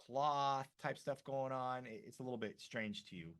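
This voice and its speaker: A man running a tabletop game, narrating scenes in a loose, easygoing way with plenty of "like" and "uh." His voice is bright and forward, sitting at a middle pitch. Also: moderate pace. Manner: relaxed, with lots of fillers. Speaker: game master.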